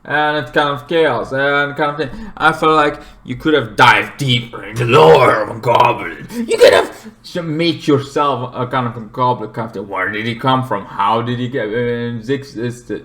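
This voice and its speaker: A man's voice: moderate pace, a bit bright. A man giving a casual, rambling movie review, full of fillers and restarts. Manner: rambling, with fillers and squeaky exaggerated quote voices.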